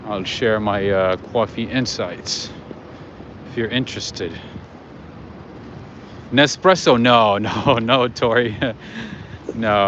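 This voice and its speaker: A man hosting a livestream walk, chatting casually and rambling to his viewers with lots of fillers while outdoors at night. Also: mid-range voice. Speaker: livestream host. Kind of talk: casual walking commentary to viewers. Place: outdoors on city streets at night. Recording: muffled with loud street noise.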